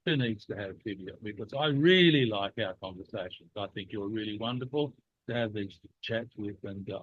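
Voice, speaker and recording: A man's voice: on the low side, no room sound. A man with a cold hosting a leadership discussion, chatty and playfully teasing. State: has a cold. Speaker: leadership program host. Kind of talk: casual podcast discussion. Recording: dry, tinny phone-like line.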